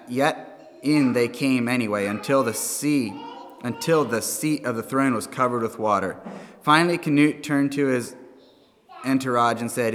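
A man preaching a sermon in a church, earnest and halting, with frequent restarts. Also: mid-range voice, fairly bright tone. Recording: long hall reverb.

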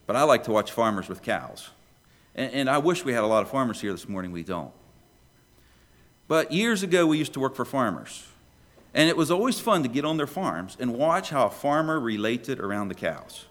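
A man preaching a sermon in a church, swinging between loud questions and hushed low lines. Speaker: pastor.

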